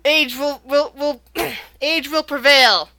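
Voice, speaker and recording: A woman voicing a boastful old male sea captain in a tabletop game, booming with pride. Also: fairly even intonation, slow pace, a crowd in the background.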